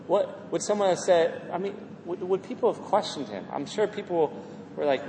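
A man preaching a sermon in a lively, animated way, often acting out quoted voices and repeating words as he builds a point. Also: high voice, normal speed. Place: church hall. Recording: echoey hall with faint ambience.

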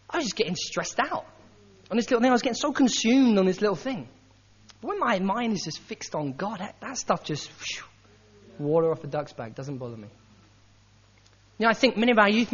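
A man preaching a sermon in a conversational, animated way, acting out the quotes he tells. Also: high-pitched, slightly rough. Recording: dull sound with long hall reverb.

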